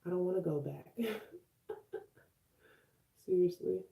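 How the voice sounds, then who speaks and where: A woman's voice: fairly low pitch, slow pace, gravelly, dark tone. A young woman in her twenties from Chicago, chatting casually with viewers and answering comments while doing her makeup. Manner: chatty, laughs often, reads and answers comments. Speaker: vlogger live streaming to viewers.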